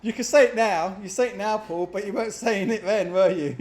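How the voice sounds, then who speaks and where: A man's voice: high voice, normal speed. A man casting a multiplayer strategy game in a loose, chatty way, laughing and teasing the players. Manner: chatty, laughs often, puts on silly voices for players. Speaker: game caster. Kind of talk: casual game commentary.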